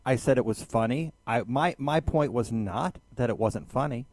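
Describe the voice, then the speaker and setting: A man co-hosting a radio talk show, calmly clarifying his point in casual chat. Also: medium pitch, moderate pace, no echo. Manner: calm, defensive clarifying. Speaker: radio co-host.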